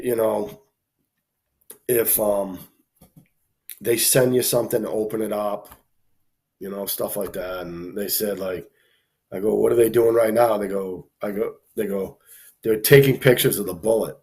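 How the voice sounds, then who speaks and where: A man casually telling an anecdote on a live stream, animated, acting out the people he quotes, with plenty of fillers. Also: fairly low pitch, unhurried, long pauses.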